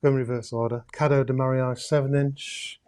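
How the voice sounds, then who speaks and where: A man hosts a relaxed live-stream raffle draw at a middling pitch. He chats loosely, pausing on hesitations and tossing in jokey asides. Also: clean tone. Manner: chatty, halting with many uh's, jokey asides. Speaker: host drawing raffle prizes. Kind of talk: casual live-stream chat. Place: indoors at home with a camera crew.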